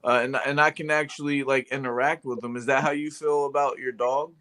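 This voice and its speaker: A man's voice: mid-range voice, flat delivery, brisk, bright, forceful tone. Laid-back man co-hosting a chat. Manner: laid-back, street slang, swears casually. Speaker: co-host. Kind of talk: casual chat.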